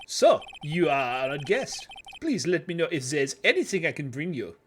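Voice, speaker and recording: An English man voicing a smarmy hotel bellboy with a put-on French accent, speaking slowly and too politely. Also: on the high side, big pitch swings, background noise. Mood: unctuous. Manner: slow, unctuous, overly polite.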